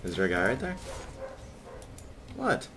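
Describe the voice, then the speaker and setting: A young man giving casual gameplay commentary, joking crudely and often clearing his throat. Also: fairly low pitch, wildly swooping pitch, a little slow. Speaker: gamer.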